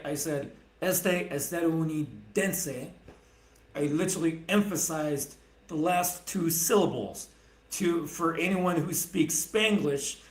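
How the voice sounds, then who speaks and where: Man, streamer, angry profane rant, slow delivery, echoey room. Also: fairly high pitch, gravelly, a bit bright. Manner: profane, heated and sarcastic.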